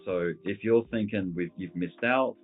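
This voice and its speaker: A man's voice: on the low side, measured pace. A man hosting casual crypto market commentary, laid-back and slangy, thinking aloud as he scrolls through charts. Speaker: host. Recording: phone-like lo-fi audio with faint music.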